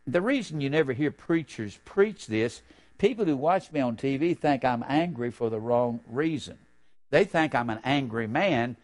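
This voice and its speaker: Older guy preaching hard, bit high voice, drags words out then suddenly yells. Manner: fervent, stretches key phrases slowly and jumps to loud high bursts. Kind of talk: sermon.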